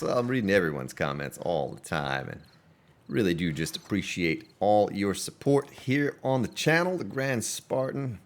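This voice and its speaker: A man's voice: lowish voice, very animated, a little slow. A man commentating his own gameplay on a live stream, chatting along and greeting viewers by name. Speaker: game streamer.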